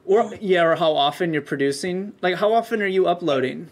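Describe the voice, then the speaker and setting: A man's voice: high-pitched, fairly quick. A man hosting a casual chat, easygoing and interested, using slang. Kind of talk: casual conversation.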